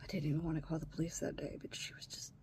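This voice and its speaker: A woman talking in a confessional vlog as a stepmother, emotional, swinging between hushed whispers and raised, strained outbursts. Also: low voice, little pitch movement, rapid-fire.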